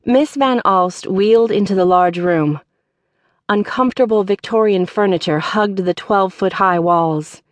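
A woman tells a first-person story in a wry, even-paced way, her voice in a middle range. The studio sound is dry and close, with no room around it. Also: mid-range voice, a little slow, dry recording. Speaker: audiobook narrator. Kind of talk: scripted audiobook narration. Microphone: studio microphone.

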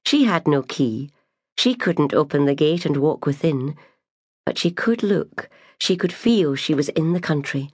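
Gentle woman narrator, dry and close. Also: low voice, animated, measured pace, slightly rough, no room sound. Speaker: audiobook narrator. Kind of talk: scripted narration.

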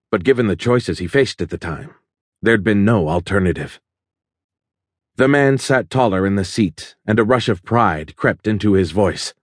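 A male audiobook narrator tells a thriller in a steady, measured way. His voice is low and slightly husky, recorded close on a studio mic with a dry sound. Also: no room sound.

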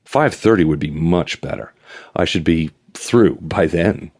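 A male audiobook narrator voicing an excitable, gossipy man with a twittering, breathless way of talking that swings from coy to sharp. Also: sits low, moderate pace, breathy edge. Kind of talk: audiobook character voice.

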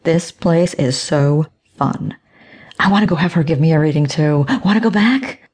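A woman's voice: low-pitched, normal speed, darkish tone, husky. A woman voicing a cheerful, playful young woman friend with a bubbly manner. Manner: bubbly and laughing.

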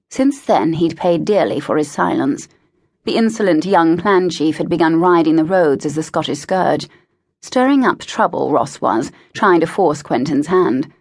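A woman narrating a historical romance audiobook in a measured, even manner. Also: deep voice, no echo, studio quality. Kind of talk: scripted narration.

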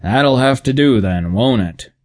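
A man voicing a large, middle-aged station manager in an audiobook, talking in a gruff, blunt, bureaucratic way. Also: medium pitch, lively intonation, a little slow, natural voice. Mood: sardonic. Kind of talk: audiobook character voice.

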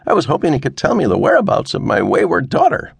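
A man's voice: medium pitch, huge pitch swings, quick pace, vocal fry, husky, no room sound, pitched above the performer's own voice, heavily acted. A man doing a worried father, urgent and exasperated. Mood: friendly.

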